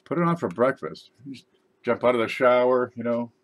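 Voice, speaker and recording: A man's voice: mid-range voice, animated, brisk, a little hiss or hum. A man hosting his channel, chatting casually and joking while opening mail. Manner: joking, rambling, tall tales. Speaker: YouTube channel host. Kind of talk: casual unboxing chat.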